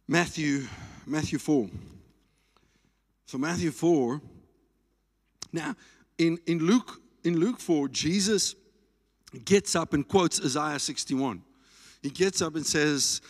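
A man with a South African accent preaching a sermon in a church, animated and playful. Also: fairly high pitch. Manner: animated, playful preaching with food talk and shouts. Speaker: pastor. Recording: reverberant church hall.

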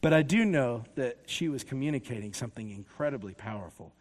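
A male pastor preaching a sermon, passionate and rhythmic, shifting from loud repeated build-ups to quiet storytelling. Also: medium pitch, lively intonation, fairly quick. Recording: long reverb of a large hall.

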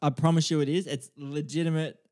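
A man co-hosting a comedy podcast, animated and mock-grandiose, with casual swearing. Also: on the high side, fairly quick, dry recording, clean studio sound. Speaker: podcast co-host.

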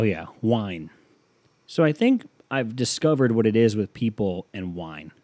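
Profane, ranting comedian with a dark voice. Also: male voice, lowish voice, dry recording. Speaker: podcast host. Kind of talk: comedic monologue.

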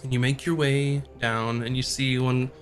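A man narrating as game master, halting with frequent ums. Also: medium pitch, flat delivery, soft background music. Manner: hesitant, lots of ums.

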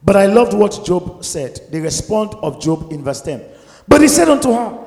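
Male pastor, emphatic sermon, high voice, echoey hall. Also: animated, normal speed. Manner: emphatic preaching with sudden shouts and laughs.

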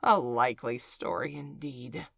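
A woman voicing a shrill, anxious female pigeon who shrieks and scolds with contempt. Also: very animated, moderate pace, no room sound. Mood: shrill, accusing.

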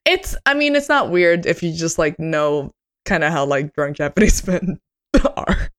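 A woman's voice: deep voice, animated, measured pace, fairly bright tone. A woman co-hosting a podcast, reacting in casual, blunt chat and swearing freely. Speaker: podcast co-host.

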